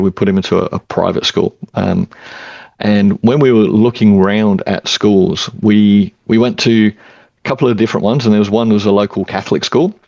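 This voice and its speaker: A male podcast host with a low voice, talking in a relaxed, reflective manner and pausing to think with small fillers. His audio is dull and lo-fi, like a remote mic, and sounds dry with no room echo. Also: vocal fry. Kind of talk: casual podcast conversation.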